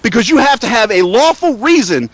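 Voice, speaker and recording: A man's voice: very high voice, sing-song, fairly quick, no room sound. A man protesting and filming police officers by a roadside, indignant and sarcastic, lecturing them as he goes. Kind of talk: confrontational street recording. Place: outdoors beside a road.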